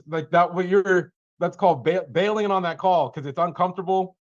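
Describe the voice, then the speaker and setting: A man giving casual coaching feedback on cold calls over a video call, animated and acting out short lines of callers and sellers. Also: high voice, normal speed, lo-fi sound.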